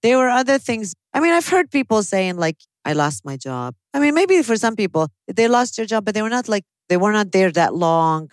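A woman psychologist hosting a casual chat, animated, often laughing and acting out what her clients say. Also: mid-range voice, a little fast, hardly any pauses, no echo, poor audio. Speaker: psychologist podcast host.

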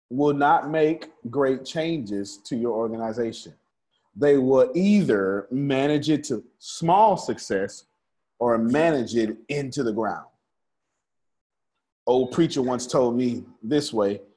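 A man's voice: mid-range voice, warm tone. Man teaching a small live group. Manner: repeats himself, calls on listeners by name. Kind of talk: lively live group lesson. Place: room with a small live audience.

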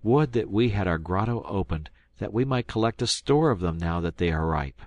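A man reading aloud and voicing an excited teenage boy explorer who exclaims breathlessly in an audiobook. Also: deep voice, normal speed, dry recording, highs cut off. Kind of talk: audiobook character voice.

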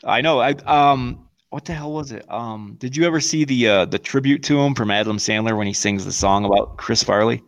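A man's voice: brisk, few pauses. A man co-hosting a podcast in casual, profane chat, often acting out movie lines in silly voices. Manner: swears a lot, acts out movie lines in silly high voices. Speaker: podcast co-host.

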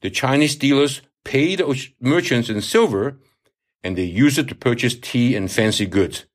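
A man's voice: mid-range voice, expressive, normal speed, lightly acted. A man reading aloud, voicing a crude, hard-drinking older male sea captain who swears and lectures. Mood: boastful. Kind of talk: audiobook reading.

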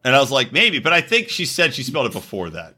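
Animated husky man telling a story. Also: fast talker. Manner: animated, laughing, jumps into high exclaims. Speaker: podcast host. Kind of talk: casual storytelling chat.

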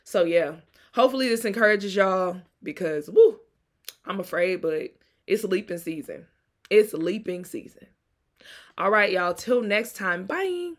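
A woman's voice: medium pitch, big pitch swings, measured pace. A woman, hosting a candid solo podcast like a singles coach, preaching and laughing often. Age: 30s. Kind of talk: reflective solo monologue.

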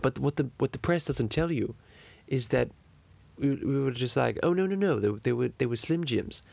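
A foul-mouthed cartoon baby boy rambles crudely from one tangent to the next, as a man does the voice. His voice is heavily gravelly and sits mid-range, in an improvised parody monologue. The sound is dry and close. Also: mid-range voice, lively intonation, moderate pace, a little mellow, dry recording. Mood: rambling.

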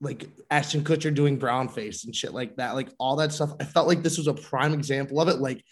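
A man's voice: mid-range voice, fairly even intonation, a little fast. A man rambling in a casual group chat over a video call, leaning on fillers. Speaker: panelist.

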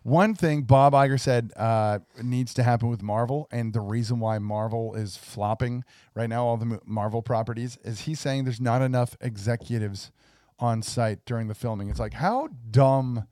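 A man's voice: medium pitch, moderate pace, dark tone, no echo, clean studio sound. Easygoing man co-hosting a podcast. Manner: agreeable, sarcastic. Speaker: podcast co-host. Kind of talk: casual podcast chat.

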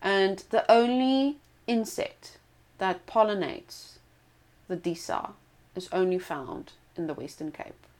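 A woman's voice: mid-range voice, animated, takes it slowly, darkish tone. A woman eagerly adding facts in casual chat, with fillers and restarts.

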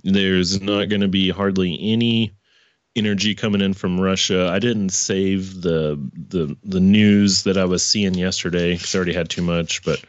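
A man's voice: deep voice, fairly even intonation, moderate pace, no echo, lo-fi sound. A man hosting his own podcast in casual political commentary, rambling and correcting himself, with profane asides. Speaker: podcast host.

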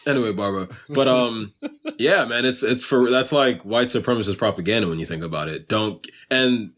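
A man's voice: lowish voice, fairly quick, fairly bright tone. A man co-hosting a podcast, chatting casually in slangy talk and slipping into jokey voices. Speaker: podcast co-host. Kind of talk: casual chat.

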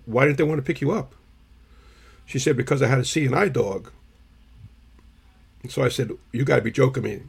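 A man, co-hosting a podcast, tells rambling stories in a husky voice and keeps clearing his irritated throat. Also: medium pitch. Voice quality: gravelly, husky. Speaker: podcast co-host. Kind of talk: casual storytelling chat.

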